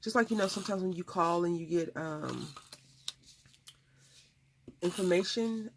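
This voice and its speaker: A woman's voice: fairly low pitch, unhurried, creaky, a little hiss or hum. A woman hosting a craft video, chatting casually and rambling through stories as she works. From United States. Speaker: craft channel host. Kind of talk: casual chat while crafting.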